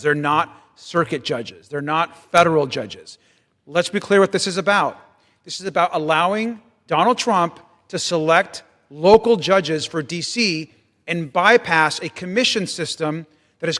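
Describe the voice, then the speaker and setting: Forceful congressman in a reverberant chamber. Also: on the high side. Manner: forceful, indignant argument. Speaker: congressman speaking in floor debate. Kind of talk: formal floor debate speech. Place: large legislative chamber. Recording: long reverb of a large chamber.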